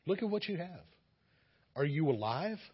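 A man preaching with a very husky, breathy voice that sits a little high for a man. He exhorts his listeners earnestly and slips into imagined voices. The recording sounds dull and lo-fi. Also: sing-song, normal speed. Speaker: pastor. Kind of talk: sermon.

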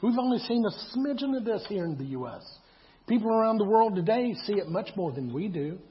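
A man's voice: high-pitched, very animated, fairly quick. A man preaching a sermon in a conversational way, repeating himself and asking rhetorical questions. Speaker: pastor. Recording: dull lo-fi sound.

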